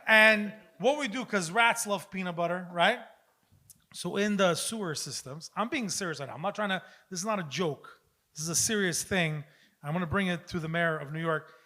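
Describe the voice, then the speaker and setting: A man guesting on a comedy podcast, telling a bit in a profane, animated way. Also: sits high, normal speed. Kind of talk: casual comedy podcast banter.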